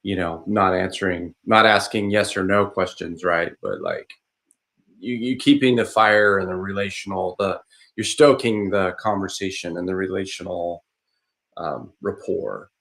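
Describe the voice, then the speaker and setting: A man with a lowish voice talks through ideas in relaxed podcast chat. He restarts sentences often and leans on "like" and "you know." He gets lively when he imitates other people. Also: unhurried, vocal fry. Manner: rambling, frequent restarts and "like"; animated when mimicking others. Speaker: podcast speaker. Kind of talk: casual conversational podcast talk.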